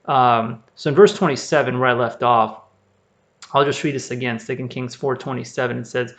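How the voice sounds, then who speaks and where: A man's voice: medium pitch, steady tone, moderate pace, a bit bright. A man teaching a Bible passage in a loose, rambling way, with lots of fillers and restarts. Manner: rambling, filler-heavy, conversational. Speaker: preacher. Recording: dull lo-fi recording.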